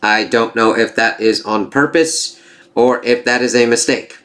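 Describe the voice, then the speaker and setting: A man's voice: medium pitch, a little slow, fairly bright tone. A man casually reviewing a comic book, rambling and swearing freely as he goes.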